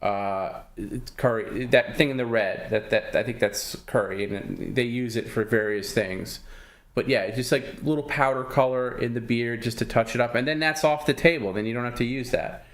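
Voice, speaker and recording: Brief: male stream host, mid-pitched voice, teasing and patient. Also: moderate pace. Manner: dry, needling, patient explaining. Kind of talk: livestream banter.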